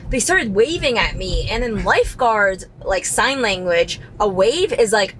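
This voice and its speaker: A woman co-hosting a podcast recorded inside a car, telling a funny story with animated delivery and frequent laughter. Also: medium pitch, measured pace, hardly any pauses, a little hiss or hum. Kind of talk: casual chat.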